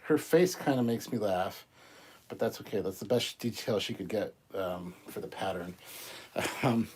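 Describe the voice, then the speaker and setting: A man's voice: fairly low pitch, lively intonation, normal speed, darkish tone, husky. A man hosting his own channel, chatting casually in a rambling, jokey way with many fillers. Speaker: channel host. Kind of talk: casual livestream chat.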